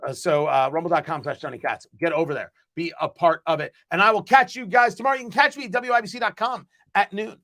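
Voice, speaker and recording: Male host, casual stream talk, high pitched and animated, punchy and emphatic. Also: fast talker, few pauses. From US East Coast. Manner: animated, emphatic, repeats words. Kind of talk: casual live-stream chat.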